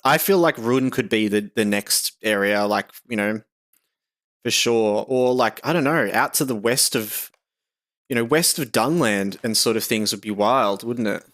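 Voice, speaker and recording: A man's voice: on the low side, unhurried, a bit bright. A young Australian man chatting casually with viewers during a live game stream, reading chat aloud with lots of fillers.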